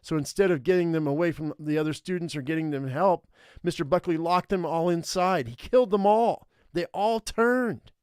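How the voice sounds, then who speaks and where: A man's voice: a little high, normal speed, a little mellow, clear, resonant tone, no room sound, clean studio sound, pitched above the performer's own voice, lightly acted. A man voicing an earnest, brave teenage boy in an interactive horror story, speaking urgently. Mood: grim.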